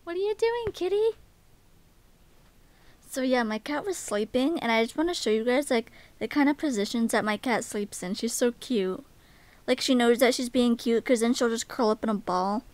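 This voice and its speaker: A woman's voice: fairly high pitch, normal speed. A young woman vlogging casually, rambling with lots of "like" and "um". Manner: rambling, many "like" and "um" fillers; gushing baby talk to pets. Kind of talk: casual vlog chat.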